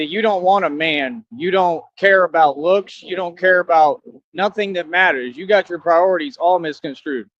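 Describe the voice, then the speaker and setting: Preachy ranting man, high voice, lo-fi. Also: dry recording. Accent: American country. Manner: preachy, lecturing, brash. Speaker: live streamer. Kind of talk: ranting monologue to viewers. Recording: dull lo-fi stream audio with faint noise.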